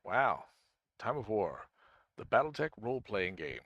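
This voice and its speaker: This man's voice sits on the low side, very animated and a little slow, a bit bright with no echo but with the highs cut off. He's streaming a game and chatting casually with viewers, rambling, thinking out loud, responding to chat, and frequently restarting sentences.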